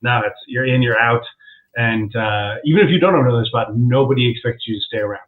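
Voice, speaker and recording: A male comedian trading road stories in a loose, casual chat. He acts out the people in his anecdotes with lively shifts of voice. His audio comes through thin and phone-like. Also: mid-range voice, fast talker. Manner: animated, acts out quoted voices. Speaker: comedian guest. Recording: tinny phone-like call audio.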